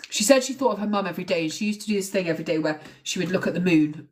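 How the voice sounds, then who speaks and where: Racing through her account, a woman with a fairly low voice and lively intonation hosts a true crime show. She tells the case in a casual, earnest, conversational way, leaning heavily on "um" and "like."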